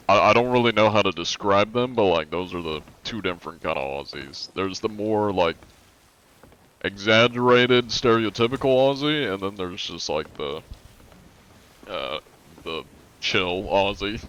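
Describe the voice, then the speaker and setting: Deep-voiced man streaming casually. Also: normal speed, clear, resonant tone. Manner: relaxed, rambling, swears casually. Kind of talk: casual live-stream chat while gaming.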